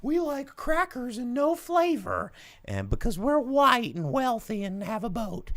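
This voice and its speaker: A man doing a prissy, squeaky rich suburbanite. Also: wildly swooping pitch, unhurried, a bit bright, dry recording, heavily acted. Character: prim, bland wealthy white suburbanite, male.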